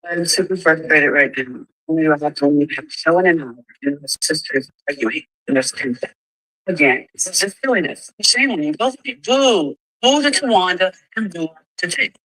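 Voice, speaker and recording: A woman's voice: low-pitched, animated, normal speed, a bit bright, dry recording, low-quality recording. A woman co-hosting a heated talk about a reality show, exasperated and scolding.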